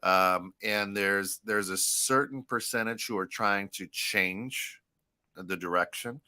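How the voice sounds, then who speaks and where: A man's voice: lowish voice, slow, pushed and bright. A man co-hosting an internet radio talk show in casual chat, rambling and thinking aloud as he goes.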